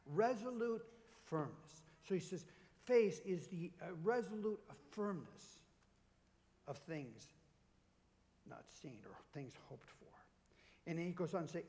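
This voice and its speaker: A middle-aged man preaching a sermon as pastor, in an animated, conversational way. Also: a little high, in a large hall.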